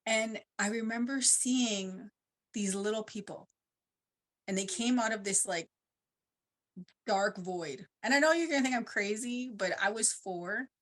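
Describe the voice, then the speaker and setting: A woman's voice: medium pitch, a bit bright. Woman telling a personal story, rambling. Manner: casual and rambling, uses 'like' a lot. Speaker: conference panelist.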